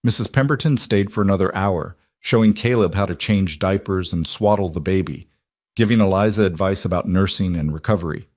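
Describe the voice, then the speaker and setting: A man narrating a western story in a steady, measured manner. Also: low-pitched, no echo, studio quality.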